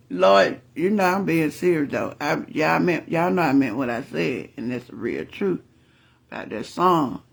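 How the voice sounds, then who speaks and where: A middle-aged man, telling his viewers a family story in a chatty, animated way and calling on the Lord. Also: a little high, a little slow, vocal fry, husky. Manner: animated, chatty, laughs often, calls on the Lord. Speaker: vlogger.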